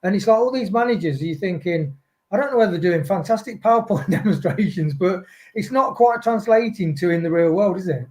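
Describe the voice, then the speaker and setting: High-voiced rambling man. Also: fairly quick, darkish tone. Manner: rambling, musing, restarts often. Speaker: fan channel panelist. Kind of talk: casual football podcast chat.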